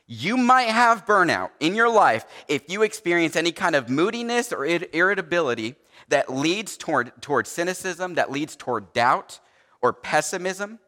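A male pastor delivers a relaxed, conversational sermon, filling his sentences with small fillers and voicing the people in his stories. His voice is bright and forward, and it carries through the long reverb of a large church hall. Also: a little high, moderate pace. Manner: conversational, uses many fillers and acts out quoted dialogue.

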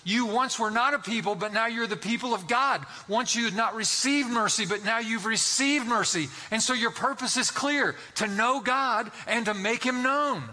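Preacher in his sixties, high voice, very bright tone, folksy and emphatic, sermon delivery. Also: normal speed, hardly any pauses. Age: 60s. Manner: folksy storytelling, emphatic exhortation. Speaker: pastor.

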